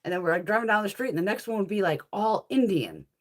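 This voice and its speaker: A beauty haul host chats casually with her viewers while swatching makeup, her pitch rising and falling with plenty of energy. She talks quickly and expressively, swears, laughs often, and responds to viewers' live comments in a loose, unscripted way.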